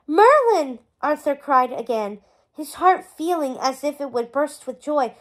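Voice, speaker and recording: A woman reads a chapter book aloud in a bright, high voice. Her narration is expressive and lively, keeping the story moving between the characters' lines. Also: measured pace. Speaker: storybook reader.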